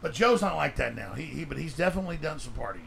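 A middle-aged man with a deeply gravelly, fried voice, talking fast and loud as a guest in a rowdy group chat. His tone is bright and forceful, with a faint ambient hiss behind him. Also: lively intonation.

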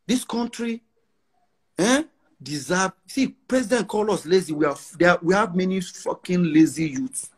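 Brash Nigerian man, husky voice. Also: high voice, animated, measured pace. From northern Nigeria. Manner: brash, defiant, repeats phrases for emphasis. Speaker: interviewee. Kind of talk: boastful interview talk.

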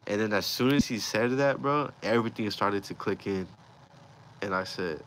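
A man's voice: lowish voice, moderate pace. A young man casually telling a rambling personal story, full of slang and swearing. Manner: slangy, profane, rambling retelling.

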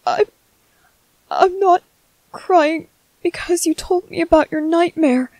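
A woman voicing a tender young man comforting his partner in a whispered role-play, speaking softly, slowly and reassuringly. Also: a little high, dry recording, low-quality recording. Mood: tearful. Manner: soft, slow, reassuring.

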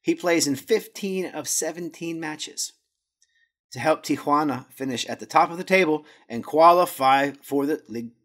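A man's voice: on the high side, normal speed, a bit bright. A man hosting a podcast, casually reading through notes with jokey asides and stumbling over Spanish words. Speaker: podcast host.

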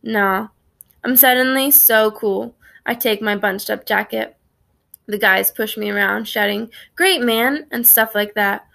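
A woman's voice: mid-range voice, fairly even intonation, a little slow, vocal fry, sharp tone. A woman narrating a children's story in the first person, reading expressively. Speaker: audiobook narrator.

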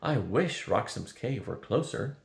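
A man's voice: mid-range voice, big pitch swings, moderate pace. A bold young princess who speaks firmly and earnestly, as an older man reads her part. Her lines lift a little above his own voice. The recording carries a roomy echo.

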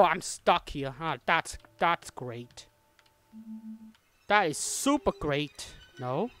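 A dry recording captures a young YouTuber with a slightly high, fairly bright voice, speaking slowly and animatedly. As he plays a horror game on his channel, he chats to the characters and jumps with yelps and screams at scares.

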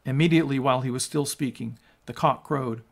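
A male pastor giving a sermon and reading scripture, emphatic and rising to loud peaks on quoted lines. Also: mid-range voice, brisk, vocal fry. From United States.

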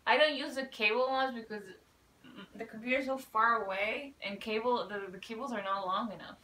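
A woman giving excitable, swearing reaction commentary, ranting in exasperation. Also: a little high, fairly quick, far from the mic, slight background noise. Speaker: reaction video creator. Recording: roomy sound from off the mic, faint ambience.

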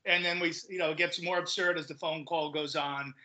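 An animated man guesting on a podcast, telling stories and slipping into other people's voices as he quotes them. His voice is bright and forceful, and it sits somewhat high for a man. He often stumbles and repeats words as he restarts a thought. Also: a little fast, rough recording. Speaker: guest comedian. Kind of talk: casual podcast chat, storytelling.

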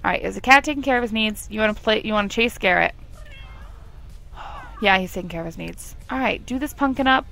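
Giggly young woman with a gravelly voice. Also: medium pitch, fairly quick, bright, forceful tone. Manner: chatty, giggly, talks to the game characters. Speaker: gameplay commentator. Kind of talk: casual let's play commentary.

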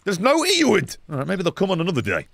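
A young man playing a video game and commenting as he goes, sarcastic and swearing, dropping to mutters and then shouting. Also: high voice, huge pitch swings, fast talker, creaky, no echo. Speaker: gaming streamer.

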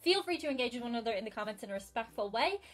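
A woman with an Irish accent giving scripted, expressive vlog commentary. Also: a little high, racing. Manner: expressive, uses slang. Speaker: YouTuber.

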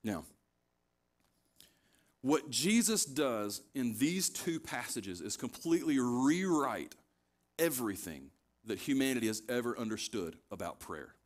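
A male pastor at a middle pitch for a man, preaching in a relaxed, conversational way. He retells scripture like a story, acting out the scenes, and hammers home his points by repeating them earnestly. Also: a little slow. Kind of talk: conversational sermon.

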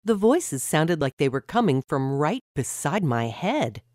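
A woman narrating a children's story aloud in an expressive, clear reading voice. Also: deep voice, unhurried, dry recording, clean studio sound.

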